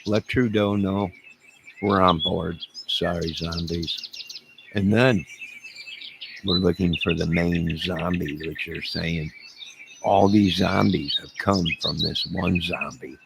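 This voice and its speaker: A man with a low, gravelly voice speaks slowly and steadily while hosting a livestream outdoors. He delivers a rambling, jokey, folksy comedic rant. The audio is noisy, with birds singing in the background.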